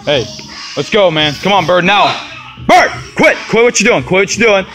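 A man coaching a deadlift session in a gym, his voice high and bright. He fires short, repetitive commands to push the lifter on. Faint music plays in the background. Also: lively intonation, moderate pace. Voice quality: urgent, commanding, repetitive cues. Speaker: lifting coach. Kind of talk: gym coaching, shouted encouragement.

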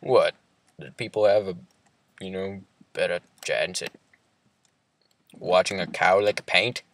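A man hosting a relaxed gaming session, speaking in a put-on accent and teasing his friend throughout. His voice sits fairly low, and he takes his time with each phrase. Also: slow, slight background noise. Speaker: host. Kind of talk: casual gaming chat.

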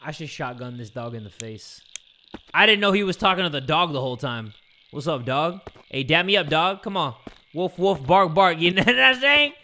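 A young man hosting a horror game let's play, joking constantly and breaking into loud outbursts. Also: on the high side, lively intonation, moderate pace. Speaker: gaming video host.

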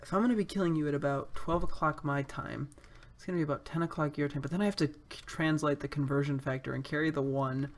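A man's voice: a little high, steady tone, fast, a little hiss or hum. A young man playing an online game and chatting with a friend, joking and teasing with sudden yelps. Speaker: gaming YouTuber. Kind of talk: casual gaming chat.

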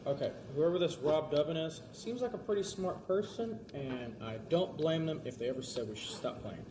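A man giving let's-play commentary, talking fast and excitably and pleading and yelling at the game. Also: on the high side, background noise. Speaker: gamer.

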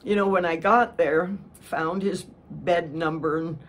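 Slow-paced earnest woman preacher. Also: on the low side. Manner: earnest, restarts words often. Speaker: missionary preacher. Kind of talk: sermon storytelling.

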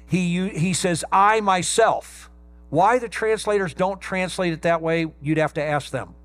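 Male pastor, emphatic sermon delivery, slightly higher-pitched voice. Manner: emphatic preaching, stresses key words slowly.

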